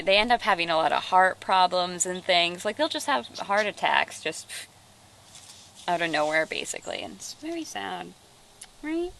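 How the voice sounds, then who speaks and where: A young woman with a bright, forceful tone and a fairly low speaking pitch gives an easygoing live-stream talk about animal care. She fills her sentences with ums and likes. She slips into a high, cooing sing-song whenever she speaks to the birds beside her. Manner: chatty with many fillers, coos to the turkeys in a high sing-song. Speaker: animal sanctuary caregiver. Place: garden house at an animal sanctuary.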